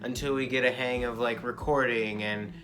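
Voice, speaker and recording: Young male co-host, mid pitch, loose and jokey, music underneath. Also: normal speed. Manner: relaxed, rambling, jokey. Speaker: vlogger, English teacher in Korea. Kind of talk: casual chat. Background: guitar music.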